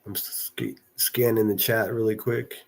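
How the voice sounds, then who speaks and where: A man's voice: fairly low pitch, steady tone, a little slow, creaky. A man from a northern US city hosting a casual livestream, rambling through commentary and reading chat messages aloud with frequent restarts. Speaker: livestream host.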